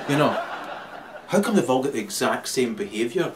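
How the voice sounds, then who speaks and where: A man's voice: mid-range voice, lively intonation, moderate pace. A man with a Scottish accent in a rambling, crude monologue who keeps laughing as he talks. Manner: crude, laughs through his talk, swings loud and quiet. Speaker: vlogger. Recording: distant mic, loud crowd and noise.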